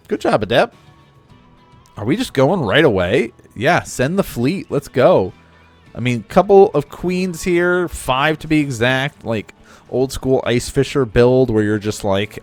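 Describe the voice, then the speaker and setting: A man's voice: medium pitch, expressive, measured pace, faint music behind. A man giving casual play-by-play commentary on a real-time strategy match, explaining the strategy as he goes. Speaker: game caster.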